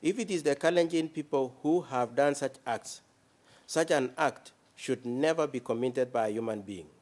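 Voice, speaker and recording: Formally addressing the judges, this defence counsel reads quoted passages aloud at a measured pace. He has a mid-range, slightly mellow voice.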